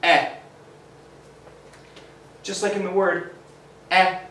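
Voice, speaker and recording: A male teacher giving a phonics lesson to children, sounding out letters slowly and encouragingly. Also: high-pitched, little pitch movement, a bit bright, slight background noise. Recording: echoey room, mic at a distance.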